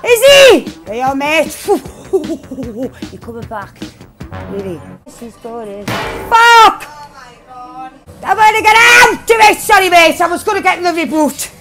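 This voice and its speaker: Woman, gaming streamer, lively swooping pitch, unhurried delivery, shouty and foul-mouthed. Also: faint music behind. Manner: shouty, excitable, swears a lot. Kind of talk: excited gameplay commentary.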